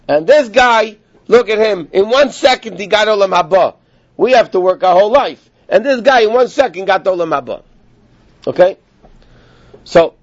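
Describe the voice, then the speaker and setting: A man delivering a Torah lecture, his voice pitched a bit high and climbing when he drives a point home. The sound is dull and lo-fi, dry, with no room around it. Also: no room sound. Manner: animated storytelling, rising with emphasis, Yiddish-inflected learning terms. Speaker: rabbi teaching a Torah class.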